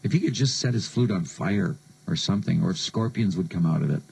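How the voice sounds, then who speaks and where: A man's voice: sits low, lively intonation, fairly quick, creaky, darkish tone, slight background noise, rough recording. A man from the United States hosting a late-night radio show, telling stories and joking sardonically between songs. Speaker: radio DJ host.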